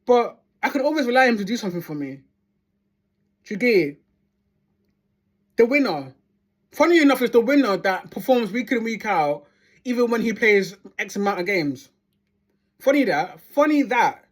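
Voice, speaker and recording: A woman's voice: on the high side, animated, normal speed, long pauses. A woman ranting as a football fan vlogger, heated and sweary, repeating phrases for emphasis. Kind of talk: angry fan rant.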